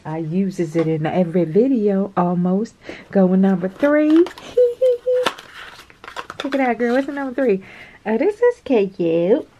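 Excitable chatty woman with a higher voice. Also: slight background noise. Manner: chatty, excitable, calls viewers girl and y'all, laughs often. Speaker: nail art vlogger. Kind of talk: casual unboxing chat to camera.

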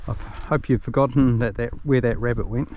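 A man with a New Zealand accent training a hunting dog outdoors, giving short sharp commands and shouting from a distance at times. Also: mid-range voice, fairly even intonation, fairly quick. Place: countryside outdoors. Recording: dull sound with clear wind noise.

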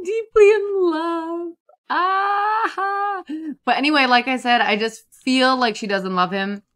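A woman giving casual, chatty commentary over a life-simulation game, excitable and prone to repeating herself. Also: mid-range voice, vocal fry. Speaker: gaming YouTuber. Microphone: desktop USB microphone.

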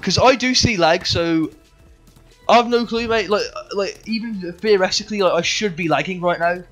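A man's voice: sits high, normal speed, fairly bright tone, faint music behind. A young man livestreaming a game, bantering with chat in a sweary, joking way. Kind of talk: live game streaming chat.

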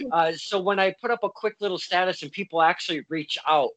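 A man's voice: sits high, normal speed, bright, forceful tone, dry recording, low-quality recording. A man hosting a casual interview, speaking politely with frequent stumbles and restarts. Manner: hesitant, stumbling, polite phrasing. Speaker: interview host.

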